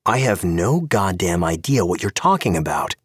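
A man doing a gruff, sarcastic spymaster. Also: deep voice, big pitch swings, moderate pace, no echo, studio quality, heavily acted. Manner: snappish, sarcastic. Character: gruff, cynical male spymaster.

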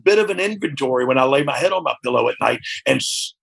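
Speaking quickly and expressively, this former wrestler answers interview questions with candor and reflection, frequently checking "you know what I mean?" His medium-pitched voice is gravelly and husky with a slightly bright quality.

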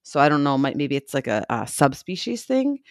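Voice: mid-range voice, very animated, fairly quick, no room sound, studio quality. Gushing, enthusiastic podcast co-host. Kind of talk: casual chat.

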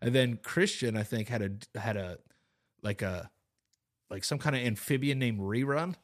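Profane, joking man co-hosting a podcast. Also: normal speed. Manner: loose and profane, slips into goofy high voices for impressions. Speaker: podcast co-host. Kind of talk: casual chat.

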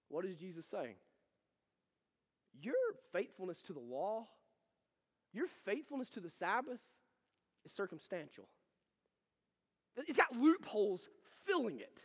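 A man preaching a sermon as pastor, animated and conversational with joking asides. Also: high voice, a little slow, creaky, long pauses, slightly rough. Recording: long reverb from a hall.

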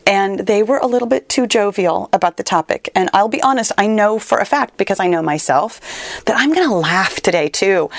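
A woman's voice: medium pitch, dry recording. A woman hosting a personal podcast as a fitness trainer, on the verge of tears, emotional and tearful, laughing now and then and repeating words as she searches for them.

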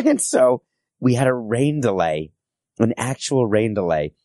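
A middle-aged man hosting a solo sports podcast, telling stories in a chatty way with quick asides. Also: mid-range voice, sing-song, dark tone, no room sound, clean studio sound.

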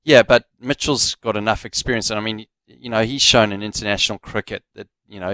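A man with a South African accent co-hosting a sports radio show, giving measured, analytical takes. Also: on the low side, a bit bright, no room sound. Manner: measured, analytical, laughs easily. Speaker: radio sports co-host, former cricketer. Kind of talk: casual sports radio chat. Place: radio studio. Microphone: studio microphone.

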